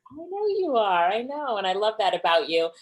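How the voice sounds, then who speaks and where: A woman's voice: medium pitch, very animated, normal speed, low-quality recording. A woman interviewer leading a friendly conversation. Her voice sits in a middle range, and she keeps things upbeat and encouraging as she draws out her guest's story. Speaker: interviewer and company head.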